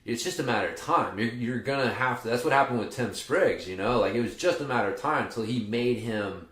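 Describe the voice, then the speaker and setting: A man's voice: medium pitch, expressive, a little fast, fairly bright tone, roomy sound. A man hosting a casual podcast, talking at length in a rambling, profane way with many restarts. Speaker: podcast host and jiu-jitsu coach. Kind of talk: casual chat.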